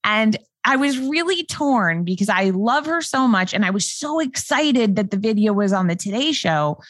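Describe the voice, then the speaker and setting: New York woman with vocal fry. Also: mid-range voice, animated, moderate pace, no room sound. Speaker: podcast host. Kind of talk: casual podcast chat.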